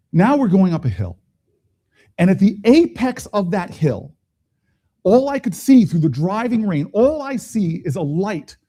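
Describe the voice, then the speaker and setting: A man's voice: on the high side, warm tone. A middle-aged man, a politician, telling stories in a speech at a town hall, with quoted voices and chuckles.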